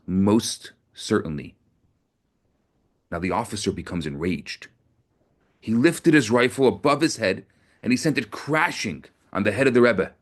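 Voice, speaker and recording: A man preaching an earnest sermon, telling a story with conviction. His voice sits fairly low, and he often repeats words as he builds toward his point. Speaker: rabbi.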